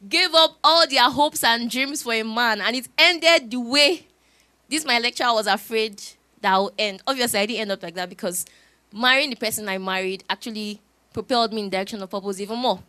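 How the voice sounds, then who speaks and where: A woman, preaching a sermon through lively storytelling. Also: a little high, fairly quick, dry recording. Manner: animated storytelling with laughs.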